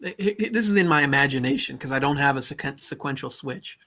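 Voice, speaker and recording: A man's voice: mid-range voice, expressive, fast, pushed and bright. A man chatting casually on a video call from his bedroom, thinking aloud and restarting his sentences. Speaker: modular synth hobbyist on a stream.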